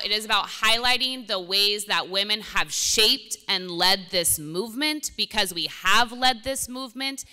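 An earnest, energetic woman introduces a conference panel into a microphone. Her voice is bright and smooth. A long hall reverb trails behind every phrase. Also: mid-range voice, a little slow, hardly any pauses, some chatter behind. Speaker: panel moderator.

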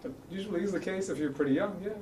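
A man playing a therapist, calmly coaxing and soothing. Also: high-pitched, rapid-fire, recorded from a distance. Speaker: mock therapist. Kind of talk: calm mock-therapy talk. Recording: roomy, off-mic, faint noise.

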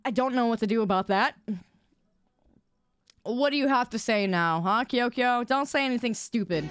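A woman streamer chatting casually with her viewers, loud and expressive, quick to protest and tease. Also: on the high side, clean tone, no room sound, clean studio sound.

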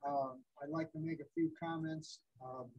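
A man at an open mic giving informal comments in a halting way, with many pauses and fillers. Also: fairly high pitch, fairly even intonation, breathy edge, highs cut off.

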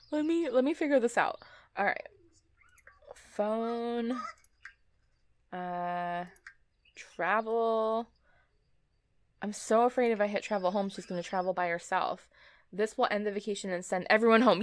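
A woman's voice: on the high side, animated, moderate pace. Chatty woman narrating her life-sim game. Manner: chatty, talks to her game characters, often laughs; exasperated, repeats herself. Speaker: let's play host. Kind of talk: casual gameplay commentary.

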